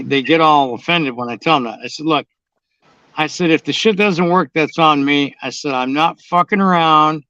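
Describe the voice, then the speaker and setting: A man's voice: a little high, sharp tone, dry recording. A man chatting casually and bluntly, swearing constantly as he tells his stories. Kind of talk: casual profane chat. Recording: dull, dry lo-fi sound.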